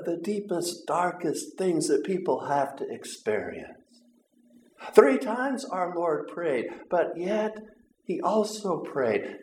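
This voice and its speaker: A man preaching a sermon, earnest and halting, with repeated words and long pauses. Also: on the high side, darkish tone. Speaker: pastor. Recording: roomy echo.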